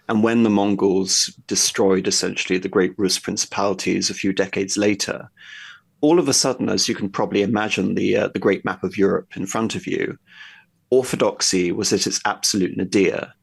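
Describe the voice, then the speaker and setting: A man's voice: on the low side, gravelly, breathy edge. A man talking at length as a guest in a history conversation, explaining in a discursive, lecturing way and thinking aloud as he goes.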